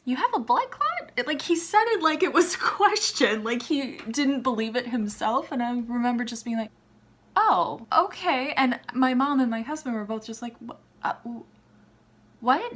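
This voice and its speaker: A young woman vlogger telling a personal story in a chatty, animated way, acting out what others said. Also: medium pitch. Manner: chatty and animated, acting out quoted people, frequent "like". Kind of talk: casual storytelling vlog.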